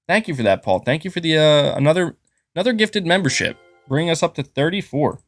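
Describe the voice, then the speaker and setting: A man's voice: on the high side, animated, fast talker, fairly bright tone, dry recording, faint music behind. A man hosting a casual gaming livestream, rambling and thanking viewers, with a sore throat. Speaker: gaming channel host.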